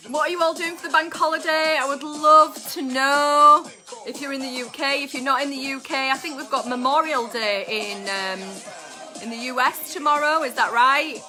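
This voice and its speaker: A high-pitched, bright woman chats live with her viewers, exuberant and swearing freely. Faint music plays behind her. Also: moderate pace. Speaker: astrologer hosting a live stream. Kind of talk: casual live-stream chat with viewers. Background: music playing.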